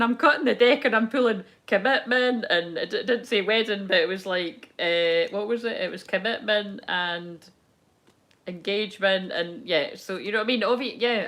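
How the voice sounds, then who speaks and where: A woman's voice: mid-range voice, fairly bright tone. A young adult woman, chatting casually through a tarot reading, rambling and swearing freely as she laughs along. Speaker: tarot reader. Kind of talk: casual live tarot chat.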